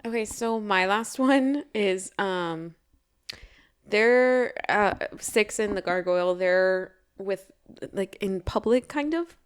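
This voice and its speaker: A woman's voice: mid-range voice, takes it slowly, clear, resonant tone. A woman co-hosting a casual book podcast, enthusiastic and full of fillers. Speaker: podcast co-host.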